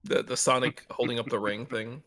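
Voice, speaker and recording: A man co-hosting a podcast in casual chat, ranting with heat and swearing, his loudness and speed swinging as he talks. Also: mid-range voice, steady tone, a little fast. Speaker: podcast co-host. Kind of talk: casual comic review chat.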